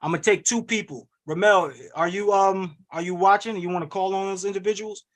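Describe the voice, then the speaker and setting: A man coaching on an online webinar, rallying listeners with an energetic, preachy call-and-response style over a video call. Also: sits high, a little fast. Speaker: wealth coach hosting a webinar. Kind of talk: hype motivational webinar coaching.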